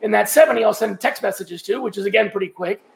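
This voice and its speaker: A man's voice: high-pitched, fast, gravelly. A man speaking as a podcast guest, explaining his working methods step by step in a casual, conversational way with frequent restarts. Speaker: guest, sourcing trainer.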